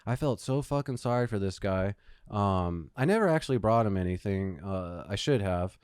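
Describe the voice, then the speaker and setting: Casual podcast host, man, swears freely, smooth clear voice, dry close sound. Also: fairly low pitch, animated, normal speed, a little mellow, no echo. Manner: profane storytelling, swears a lot. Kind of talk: casual chat. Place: Phoenix, Arizona.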